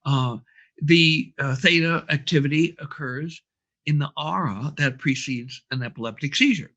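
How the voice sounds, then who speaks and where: A man's voice: on the high side, unhurried, pushed and bright, muffled recording. A man who runs brainwave training, telling a long anecdote in an interview, with many fillers. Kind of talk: storytelling interview answer.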